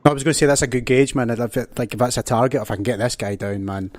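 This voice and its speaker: A man's voice: mid-range voice, quick pace, dry recording. A man hosting a casual interview, laid-back and chiming in with short agreeing remarks.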